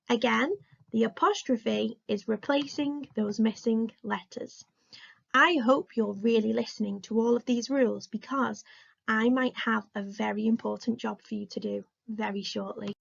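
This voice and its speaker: An English woman teaching a recorded remote lesson to young children, speaking slowly, clearly and encouragingly. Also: fairly high pitch, a bit bright, lo-fi sound. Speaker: primary school teacher.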